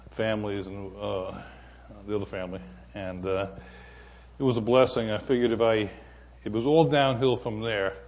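An older man as a guest preacher, delivering a sermon in a folksy, unhurried way, telling stories with many pauses. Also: on the low side, darkish tone.

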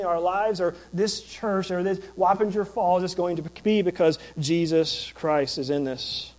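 A man's voice: high voice, a little mellow, poor audio. A man who is a pastor, preaching a sermon in an emphatic, conversational way with rhetorical questions.

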